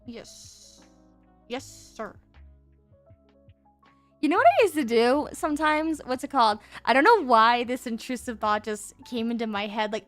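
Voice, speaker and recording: A young woman with a high voice chats on a live stream while drawing. She rambles and giggles, excitable and loose. Soft music plays behind her. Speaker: VTuber streamer. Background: faint background music.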